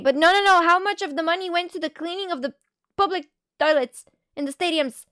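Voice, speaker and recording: A woman streamer chatting casually on a live stream, giggly and quick with asides, leaning on "like" a lot. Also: extremely high pitch, a bit bright, no echo, studio quality.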